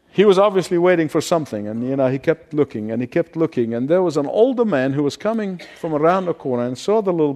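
A man preaching a sermon, telling a story with frequent chuckles and easing into quiet prayer. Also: medium pitch, creaky, long reverb tail.

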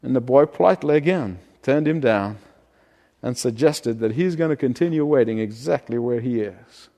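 A man preaching a sermon, telling a story with frequent chuckles and easing into quiet prayer. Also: mid-range voice, animated, moderate pace, long reverb tail.

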